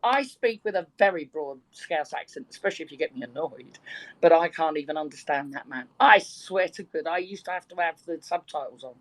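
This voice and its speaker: A woman's voice: low voice, expressive, brisk, low-quality recording. A woman in her sixties from Birkenhead with a London-tinged English accent, chatting casually and telling bawdy stories with easy laughter. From Birkenhead, England. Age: 60s. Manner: bawdy, chatty storyteller who laughs easily. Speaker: participant in a live audio chat room. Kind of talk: casual chat.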